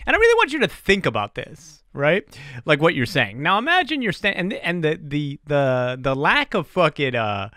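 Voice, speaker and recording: A man's voice: a little high, wildly swooping pitch, normal speed, pushed and bright, dry recording, studio quality. A man in his forties hosting a podcast, ranting in a casual, profane way and laughing often. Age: 40s. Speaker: podcast host.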